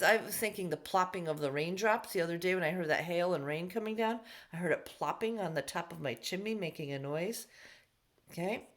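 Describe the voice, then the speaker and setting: A woman's voice: fairly low pitch, fairly bright tone. Patient teacher woman in an echoey room. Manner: patient, sounds words out slowly for young pupils. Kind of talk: recorded remote class lesson.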